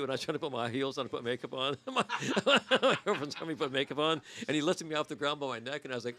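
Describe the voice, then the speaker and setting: Fast-talking man telling wild stories. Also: medium pitch, expressive, a bit bright. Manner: laughs a lot, acts out quotes. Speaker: guest musician. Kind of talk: casual storytelling chat.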